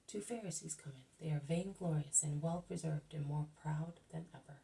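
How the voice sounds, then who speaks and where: Low dark-voiced woman reading aloud. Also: moderate pace, gravelly, hardly any pauses, far from the mic, a little hiss or hum, rough recording. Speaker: reader. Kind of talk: reading a religious book aloud.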